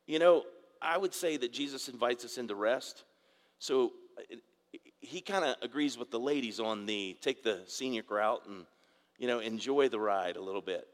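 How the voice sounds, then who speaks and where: A man's voice: mid-range voice, moderate pace, in a large hall. A middle-aged man preaching a sermon in a conversational way, with asides and questions to the congregation. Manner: conversational preaching with asides and audience call-outs. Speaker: pastor.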